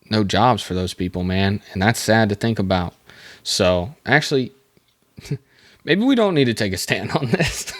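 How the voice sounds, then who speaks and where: A young man hosting a solo podcast, rambling and joking at his own expense, full of fillers and restarts. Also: on the low side. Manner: rambling, self-mocking, lots of fillers. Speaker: podcast host. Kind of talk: casual solo podcast monologue. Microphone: desk microphone.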